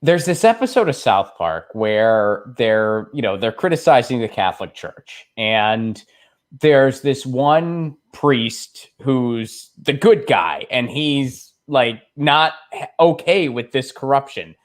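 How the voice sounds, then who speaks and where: A man who is a guest comedian on a political talk show, telling stories and acting out scenes in high, mocking voices. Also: animated, takes it slowly. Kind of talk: casual political chat.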